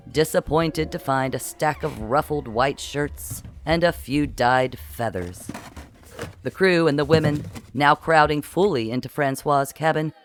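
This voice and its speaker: A narrator reading a comic adventure audiobook with an expressive, wry delivery. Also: medium pitch.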